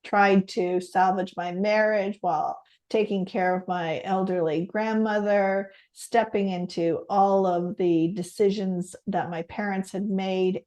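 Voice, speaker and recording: A woman's voice: mid-range voice, a little mellow. A middle-aged Canadian woman, a podcast guest, sharing a heartfelt personal story in an earnest way. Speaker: podcast guest, stress coach and author.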